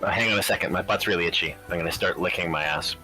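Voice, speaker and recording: Deep-voiced man, jokey game player. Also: rapid-fire, sharp tone, soft background music, low-quality recording. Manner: jokey, crude banter. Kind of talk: playing a cat in a tabletop game.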